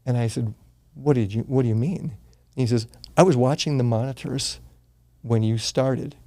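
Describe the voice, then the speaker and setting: As a guest in an interview, a man in his sixties recounts his story in a warm, mellow, mid-range voice at a moderate pace. He's casual and earnest, drops the occasional curse word, and at times gets choked up.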